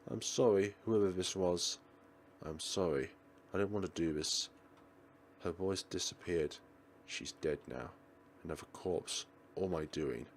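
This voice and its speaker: A man reading the lines of a guilt-stricken teenage schoolgirl in a visual novel, in a hushed, somber, despairing way. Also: deep voice, unhurried, slight background noise, voice pushed down.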